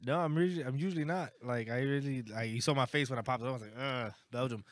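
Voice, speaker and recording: A man's voice: mid-range voice, rapid-fire, no room sound. A man co-hosting a casual beer-tasting podcast, swearing freely and laughing easily as he chats. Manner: profane, laughing, easily flustered. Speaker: podcast co-host. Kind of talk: casual chat over beers.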